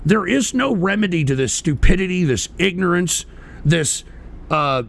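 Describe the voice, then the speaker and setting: A man hosting his own livestream radio show, ranting angrily with lots of swearing and sudden shouted bursts while answering chat. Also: sits high, expressive, moderate pace, vocal fry. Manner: profane, combative, shouting bursts. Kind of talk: angry ranting commentary, reading chat.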